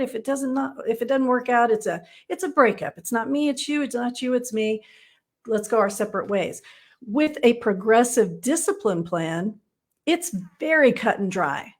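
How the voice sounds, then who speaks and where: A woman from Texas, teaching counseling supervisors in a casual live stream, chatty and blunt, often tagging "right?" onto her points. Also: on the high side. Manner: chatty, frequent "right?" tag questions; blunt, playful asides.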